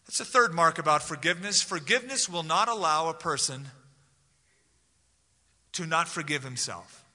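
A man's voice: a little high, lively intonation, normal speed, pushed and bright. A man preaching a conversational verse-by-verse sermon as pastor, acting out the voices of the people in the text. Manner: conversational, acts out voices of Bible characters. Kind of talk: expository sermon. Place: church sanctuary. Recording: long hall reverb.

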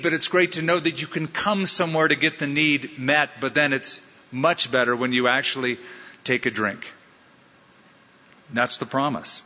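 A male pastor preaches with a bright, forceful, slightly husky voice, hammering points home through repetition and rhetorical questions. His sermon rings with the long reverb of a large church hall, and the recording sounds a bit dull. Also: on the high side. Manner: emphatic, punchy repetition and rhetorical questions to the congregation. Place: church sanctuary.

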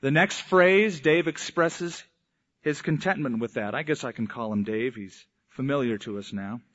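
A male pastor giving a conversational sermon, with slow, emphatic phrasing. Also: medium pitch. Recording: echoey hall, dull lo-fi sound.

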